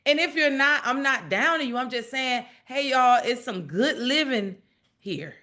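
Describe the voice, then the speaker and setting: A woman's voice: high-pitched, expressive, measured pace, pushed and bright. A woman hosting a casual spiritual livestream, chatting directly to her viewers and laughing often.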